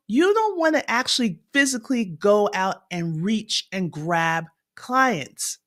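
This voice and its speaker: A woman's voice: mid-range voice, very animated, slow, fairly bright tone. A woman math tutor hosting a casual livestream, chatting in an upbeat way, greeting viewers and laughing often.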